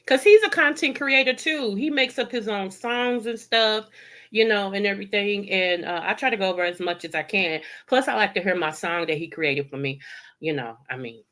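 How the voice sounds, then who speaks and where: A chatty woman with a bright, clear tone talks as a guest on a live stream. She drifts from story to story and checks in with her listeners as she goes. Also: mid-range voice, normal speed. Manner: chatty, keeps saying "you know what I'm saying". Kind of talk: casual live-stream chat.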